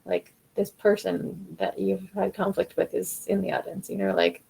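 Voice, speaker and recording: A woman's voice: fairly low pitch, steady tone, moderate pace, vocal fry, dark tone, breathy edge, poor audio. A woman giving a casual, encouraging live coaching talk to singers, acting out their inner voices as she goes.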